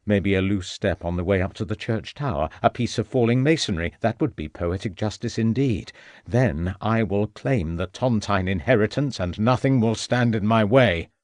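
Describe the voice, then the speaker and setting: A man voicing a scheming, murderous Victorian gentleman who gloats and sneers at the inspector. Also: lowish voice, moderate pace, no echo, close to an everyday voice.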